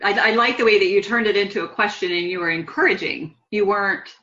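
A woman's voice: mid-range voice, fast talker, bright, forceful tone. A woman hosts an interview in a reflective, appreciative way. Her voice has a slightly dull, lo-fi sound. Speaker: host.

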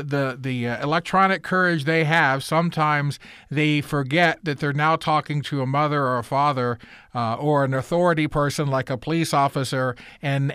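Male priest hosting a radio talk show, measured questions, smooth and dry voice. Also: on the high side, fairly bright tone, dry recording. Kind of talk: radio interview host.

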